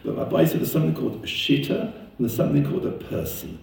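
A man's voice: on the high side, lively intonation, quick pace, creaky, darkish tone. A man telling stories in a sermon, an emphatic storyteller whose voice leaps up when he gets stirred. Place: lives in Israel. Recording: very echoey room, mic far off.

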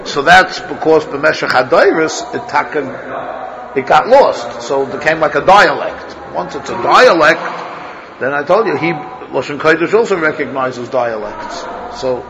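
A man's voice: on the high side, expressive, measured pace, lo-fi sound, noisy background. A man teaching a Torah study class as a rabbi, thinking aloud, asking his students questions and restarting his sentences often.

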